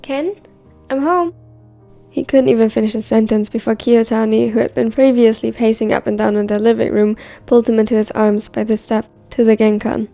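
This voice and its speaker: A woman narrating a fan fiction story in a steady reading voice. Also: on the high side, fairly quick, vocal fry, hardly any pauses, faint music behind.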